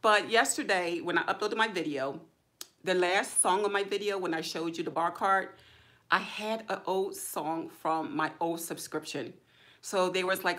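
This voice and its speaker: A woman hosting a casual YouTube livestream, chatting informally and greeting viewers by name with excited exclamations. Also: on the low side, measured pace. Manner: relaxed, drawling, informal speech.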